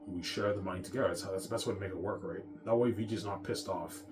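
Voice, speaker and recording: A man's voice: low-pitched, steady tone, fast, background noise. A man in a rambling, repetitive monologue, boastful and profane, talking straight to his audience. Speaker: vlogger. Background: music.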